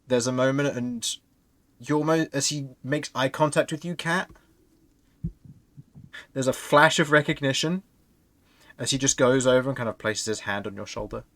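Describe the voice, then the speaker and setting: A man's voice: medium pitch, normal speed, long pauses, fairly bright tone. A man narrating as game master of a tabletop game, describing scenes with frequent restarts.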